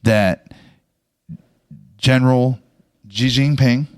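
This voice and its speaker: A man's voice: medium pitch, fairly even intonation, extremely slow, darkish tone, clear, resonant tone. Guy hosting a comedy podcast, loose and jokey, keeps talking over people. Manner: loose, joking, talks over others. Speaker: podcast host. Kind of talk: casual chat.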